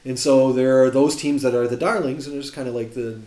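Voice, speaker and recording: A man in a casual chat, telling animated, laughing anecdotes with lots of restarts. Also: mid-range voice, fairly quick, reverberant.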